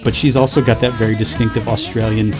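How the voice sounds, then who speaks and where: A man's voice: on the low side, little pitch movement, quick pace, over music. Rambling, laughing man hosting a podcast. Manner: rambling, laughing, jumps into sung bits. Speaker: podcast host. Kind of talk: casual chat.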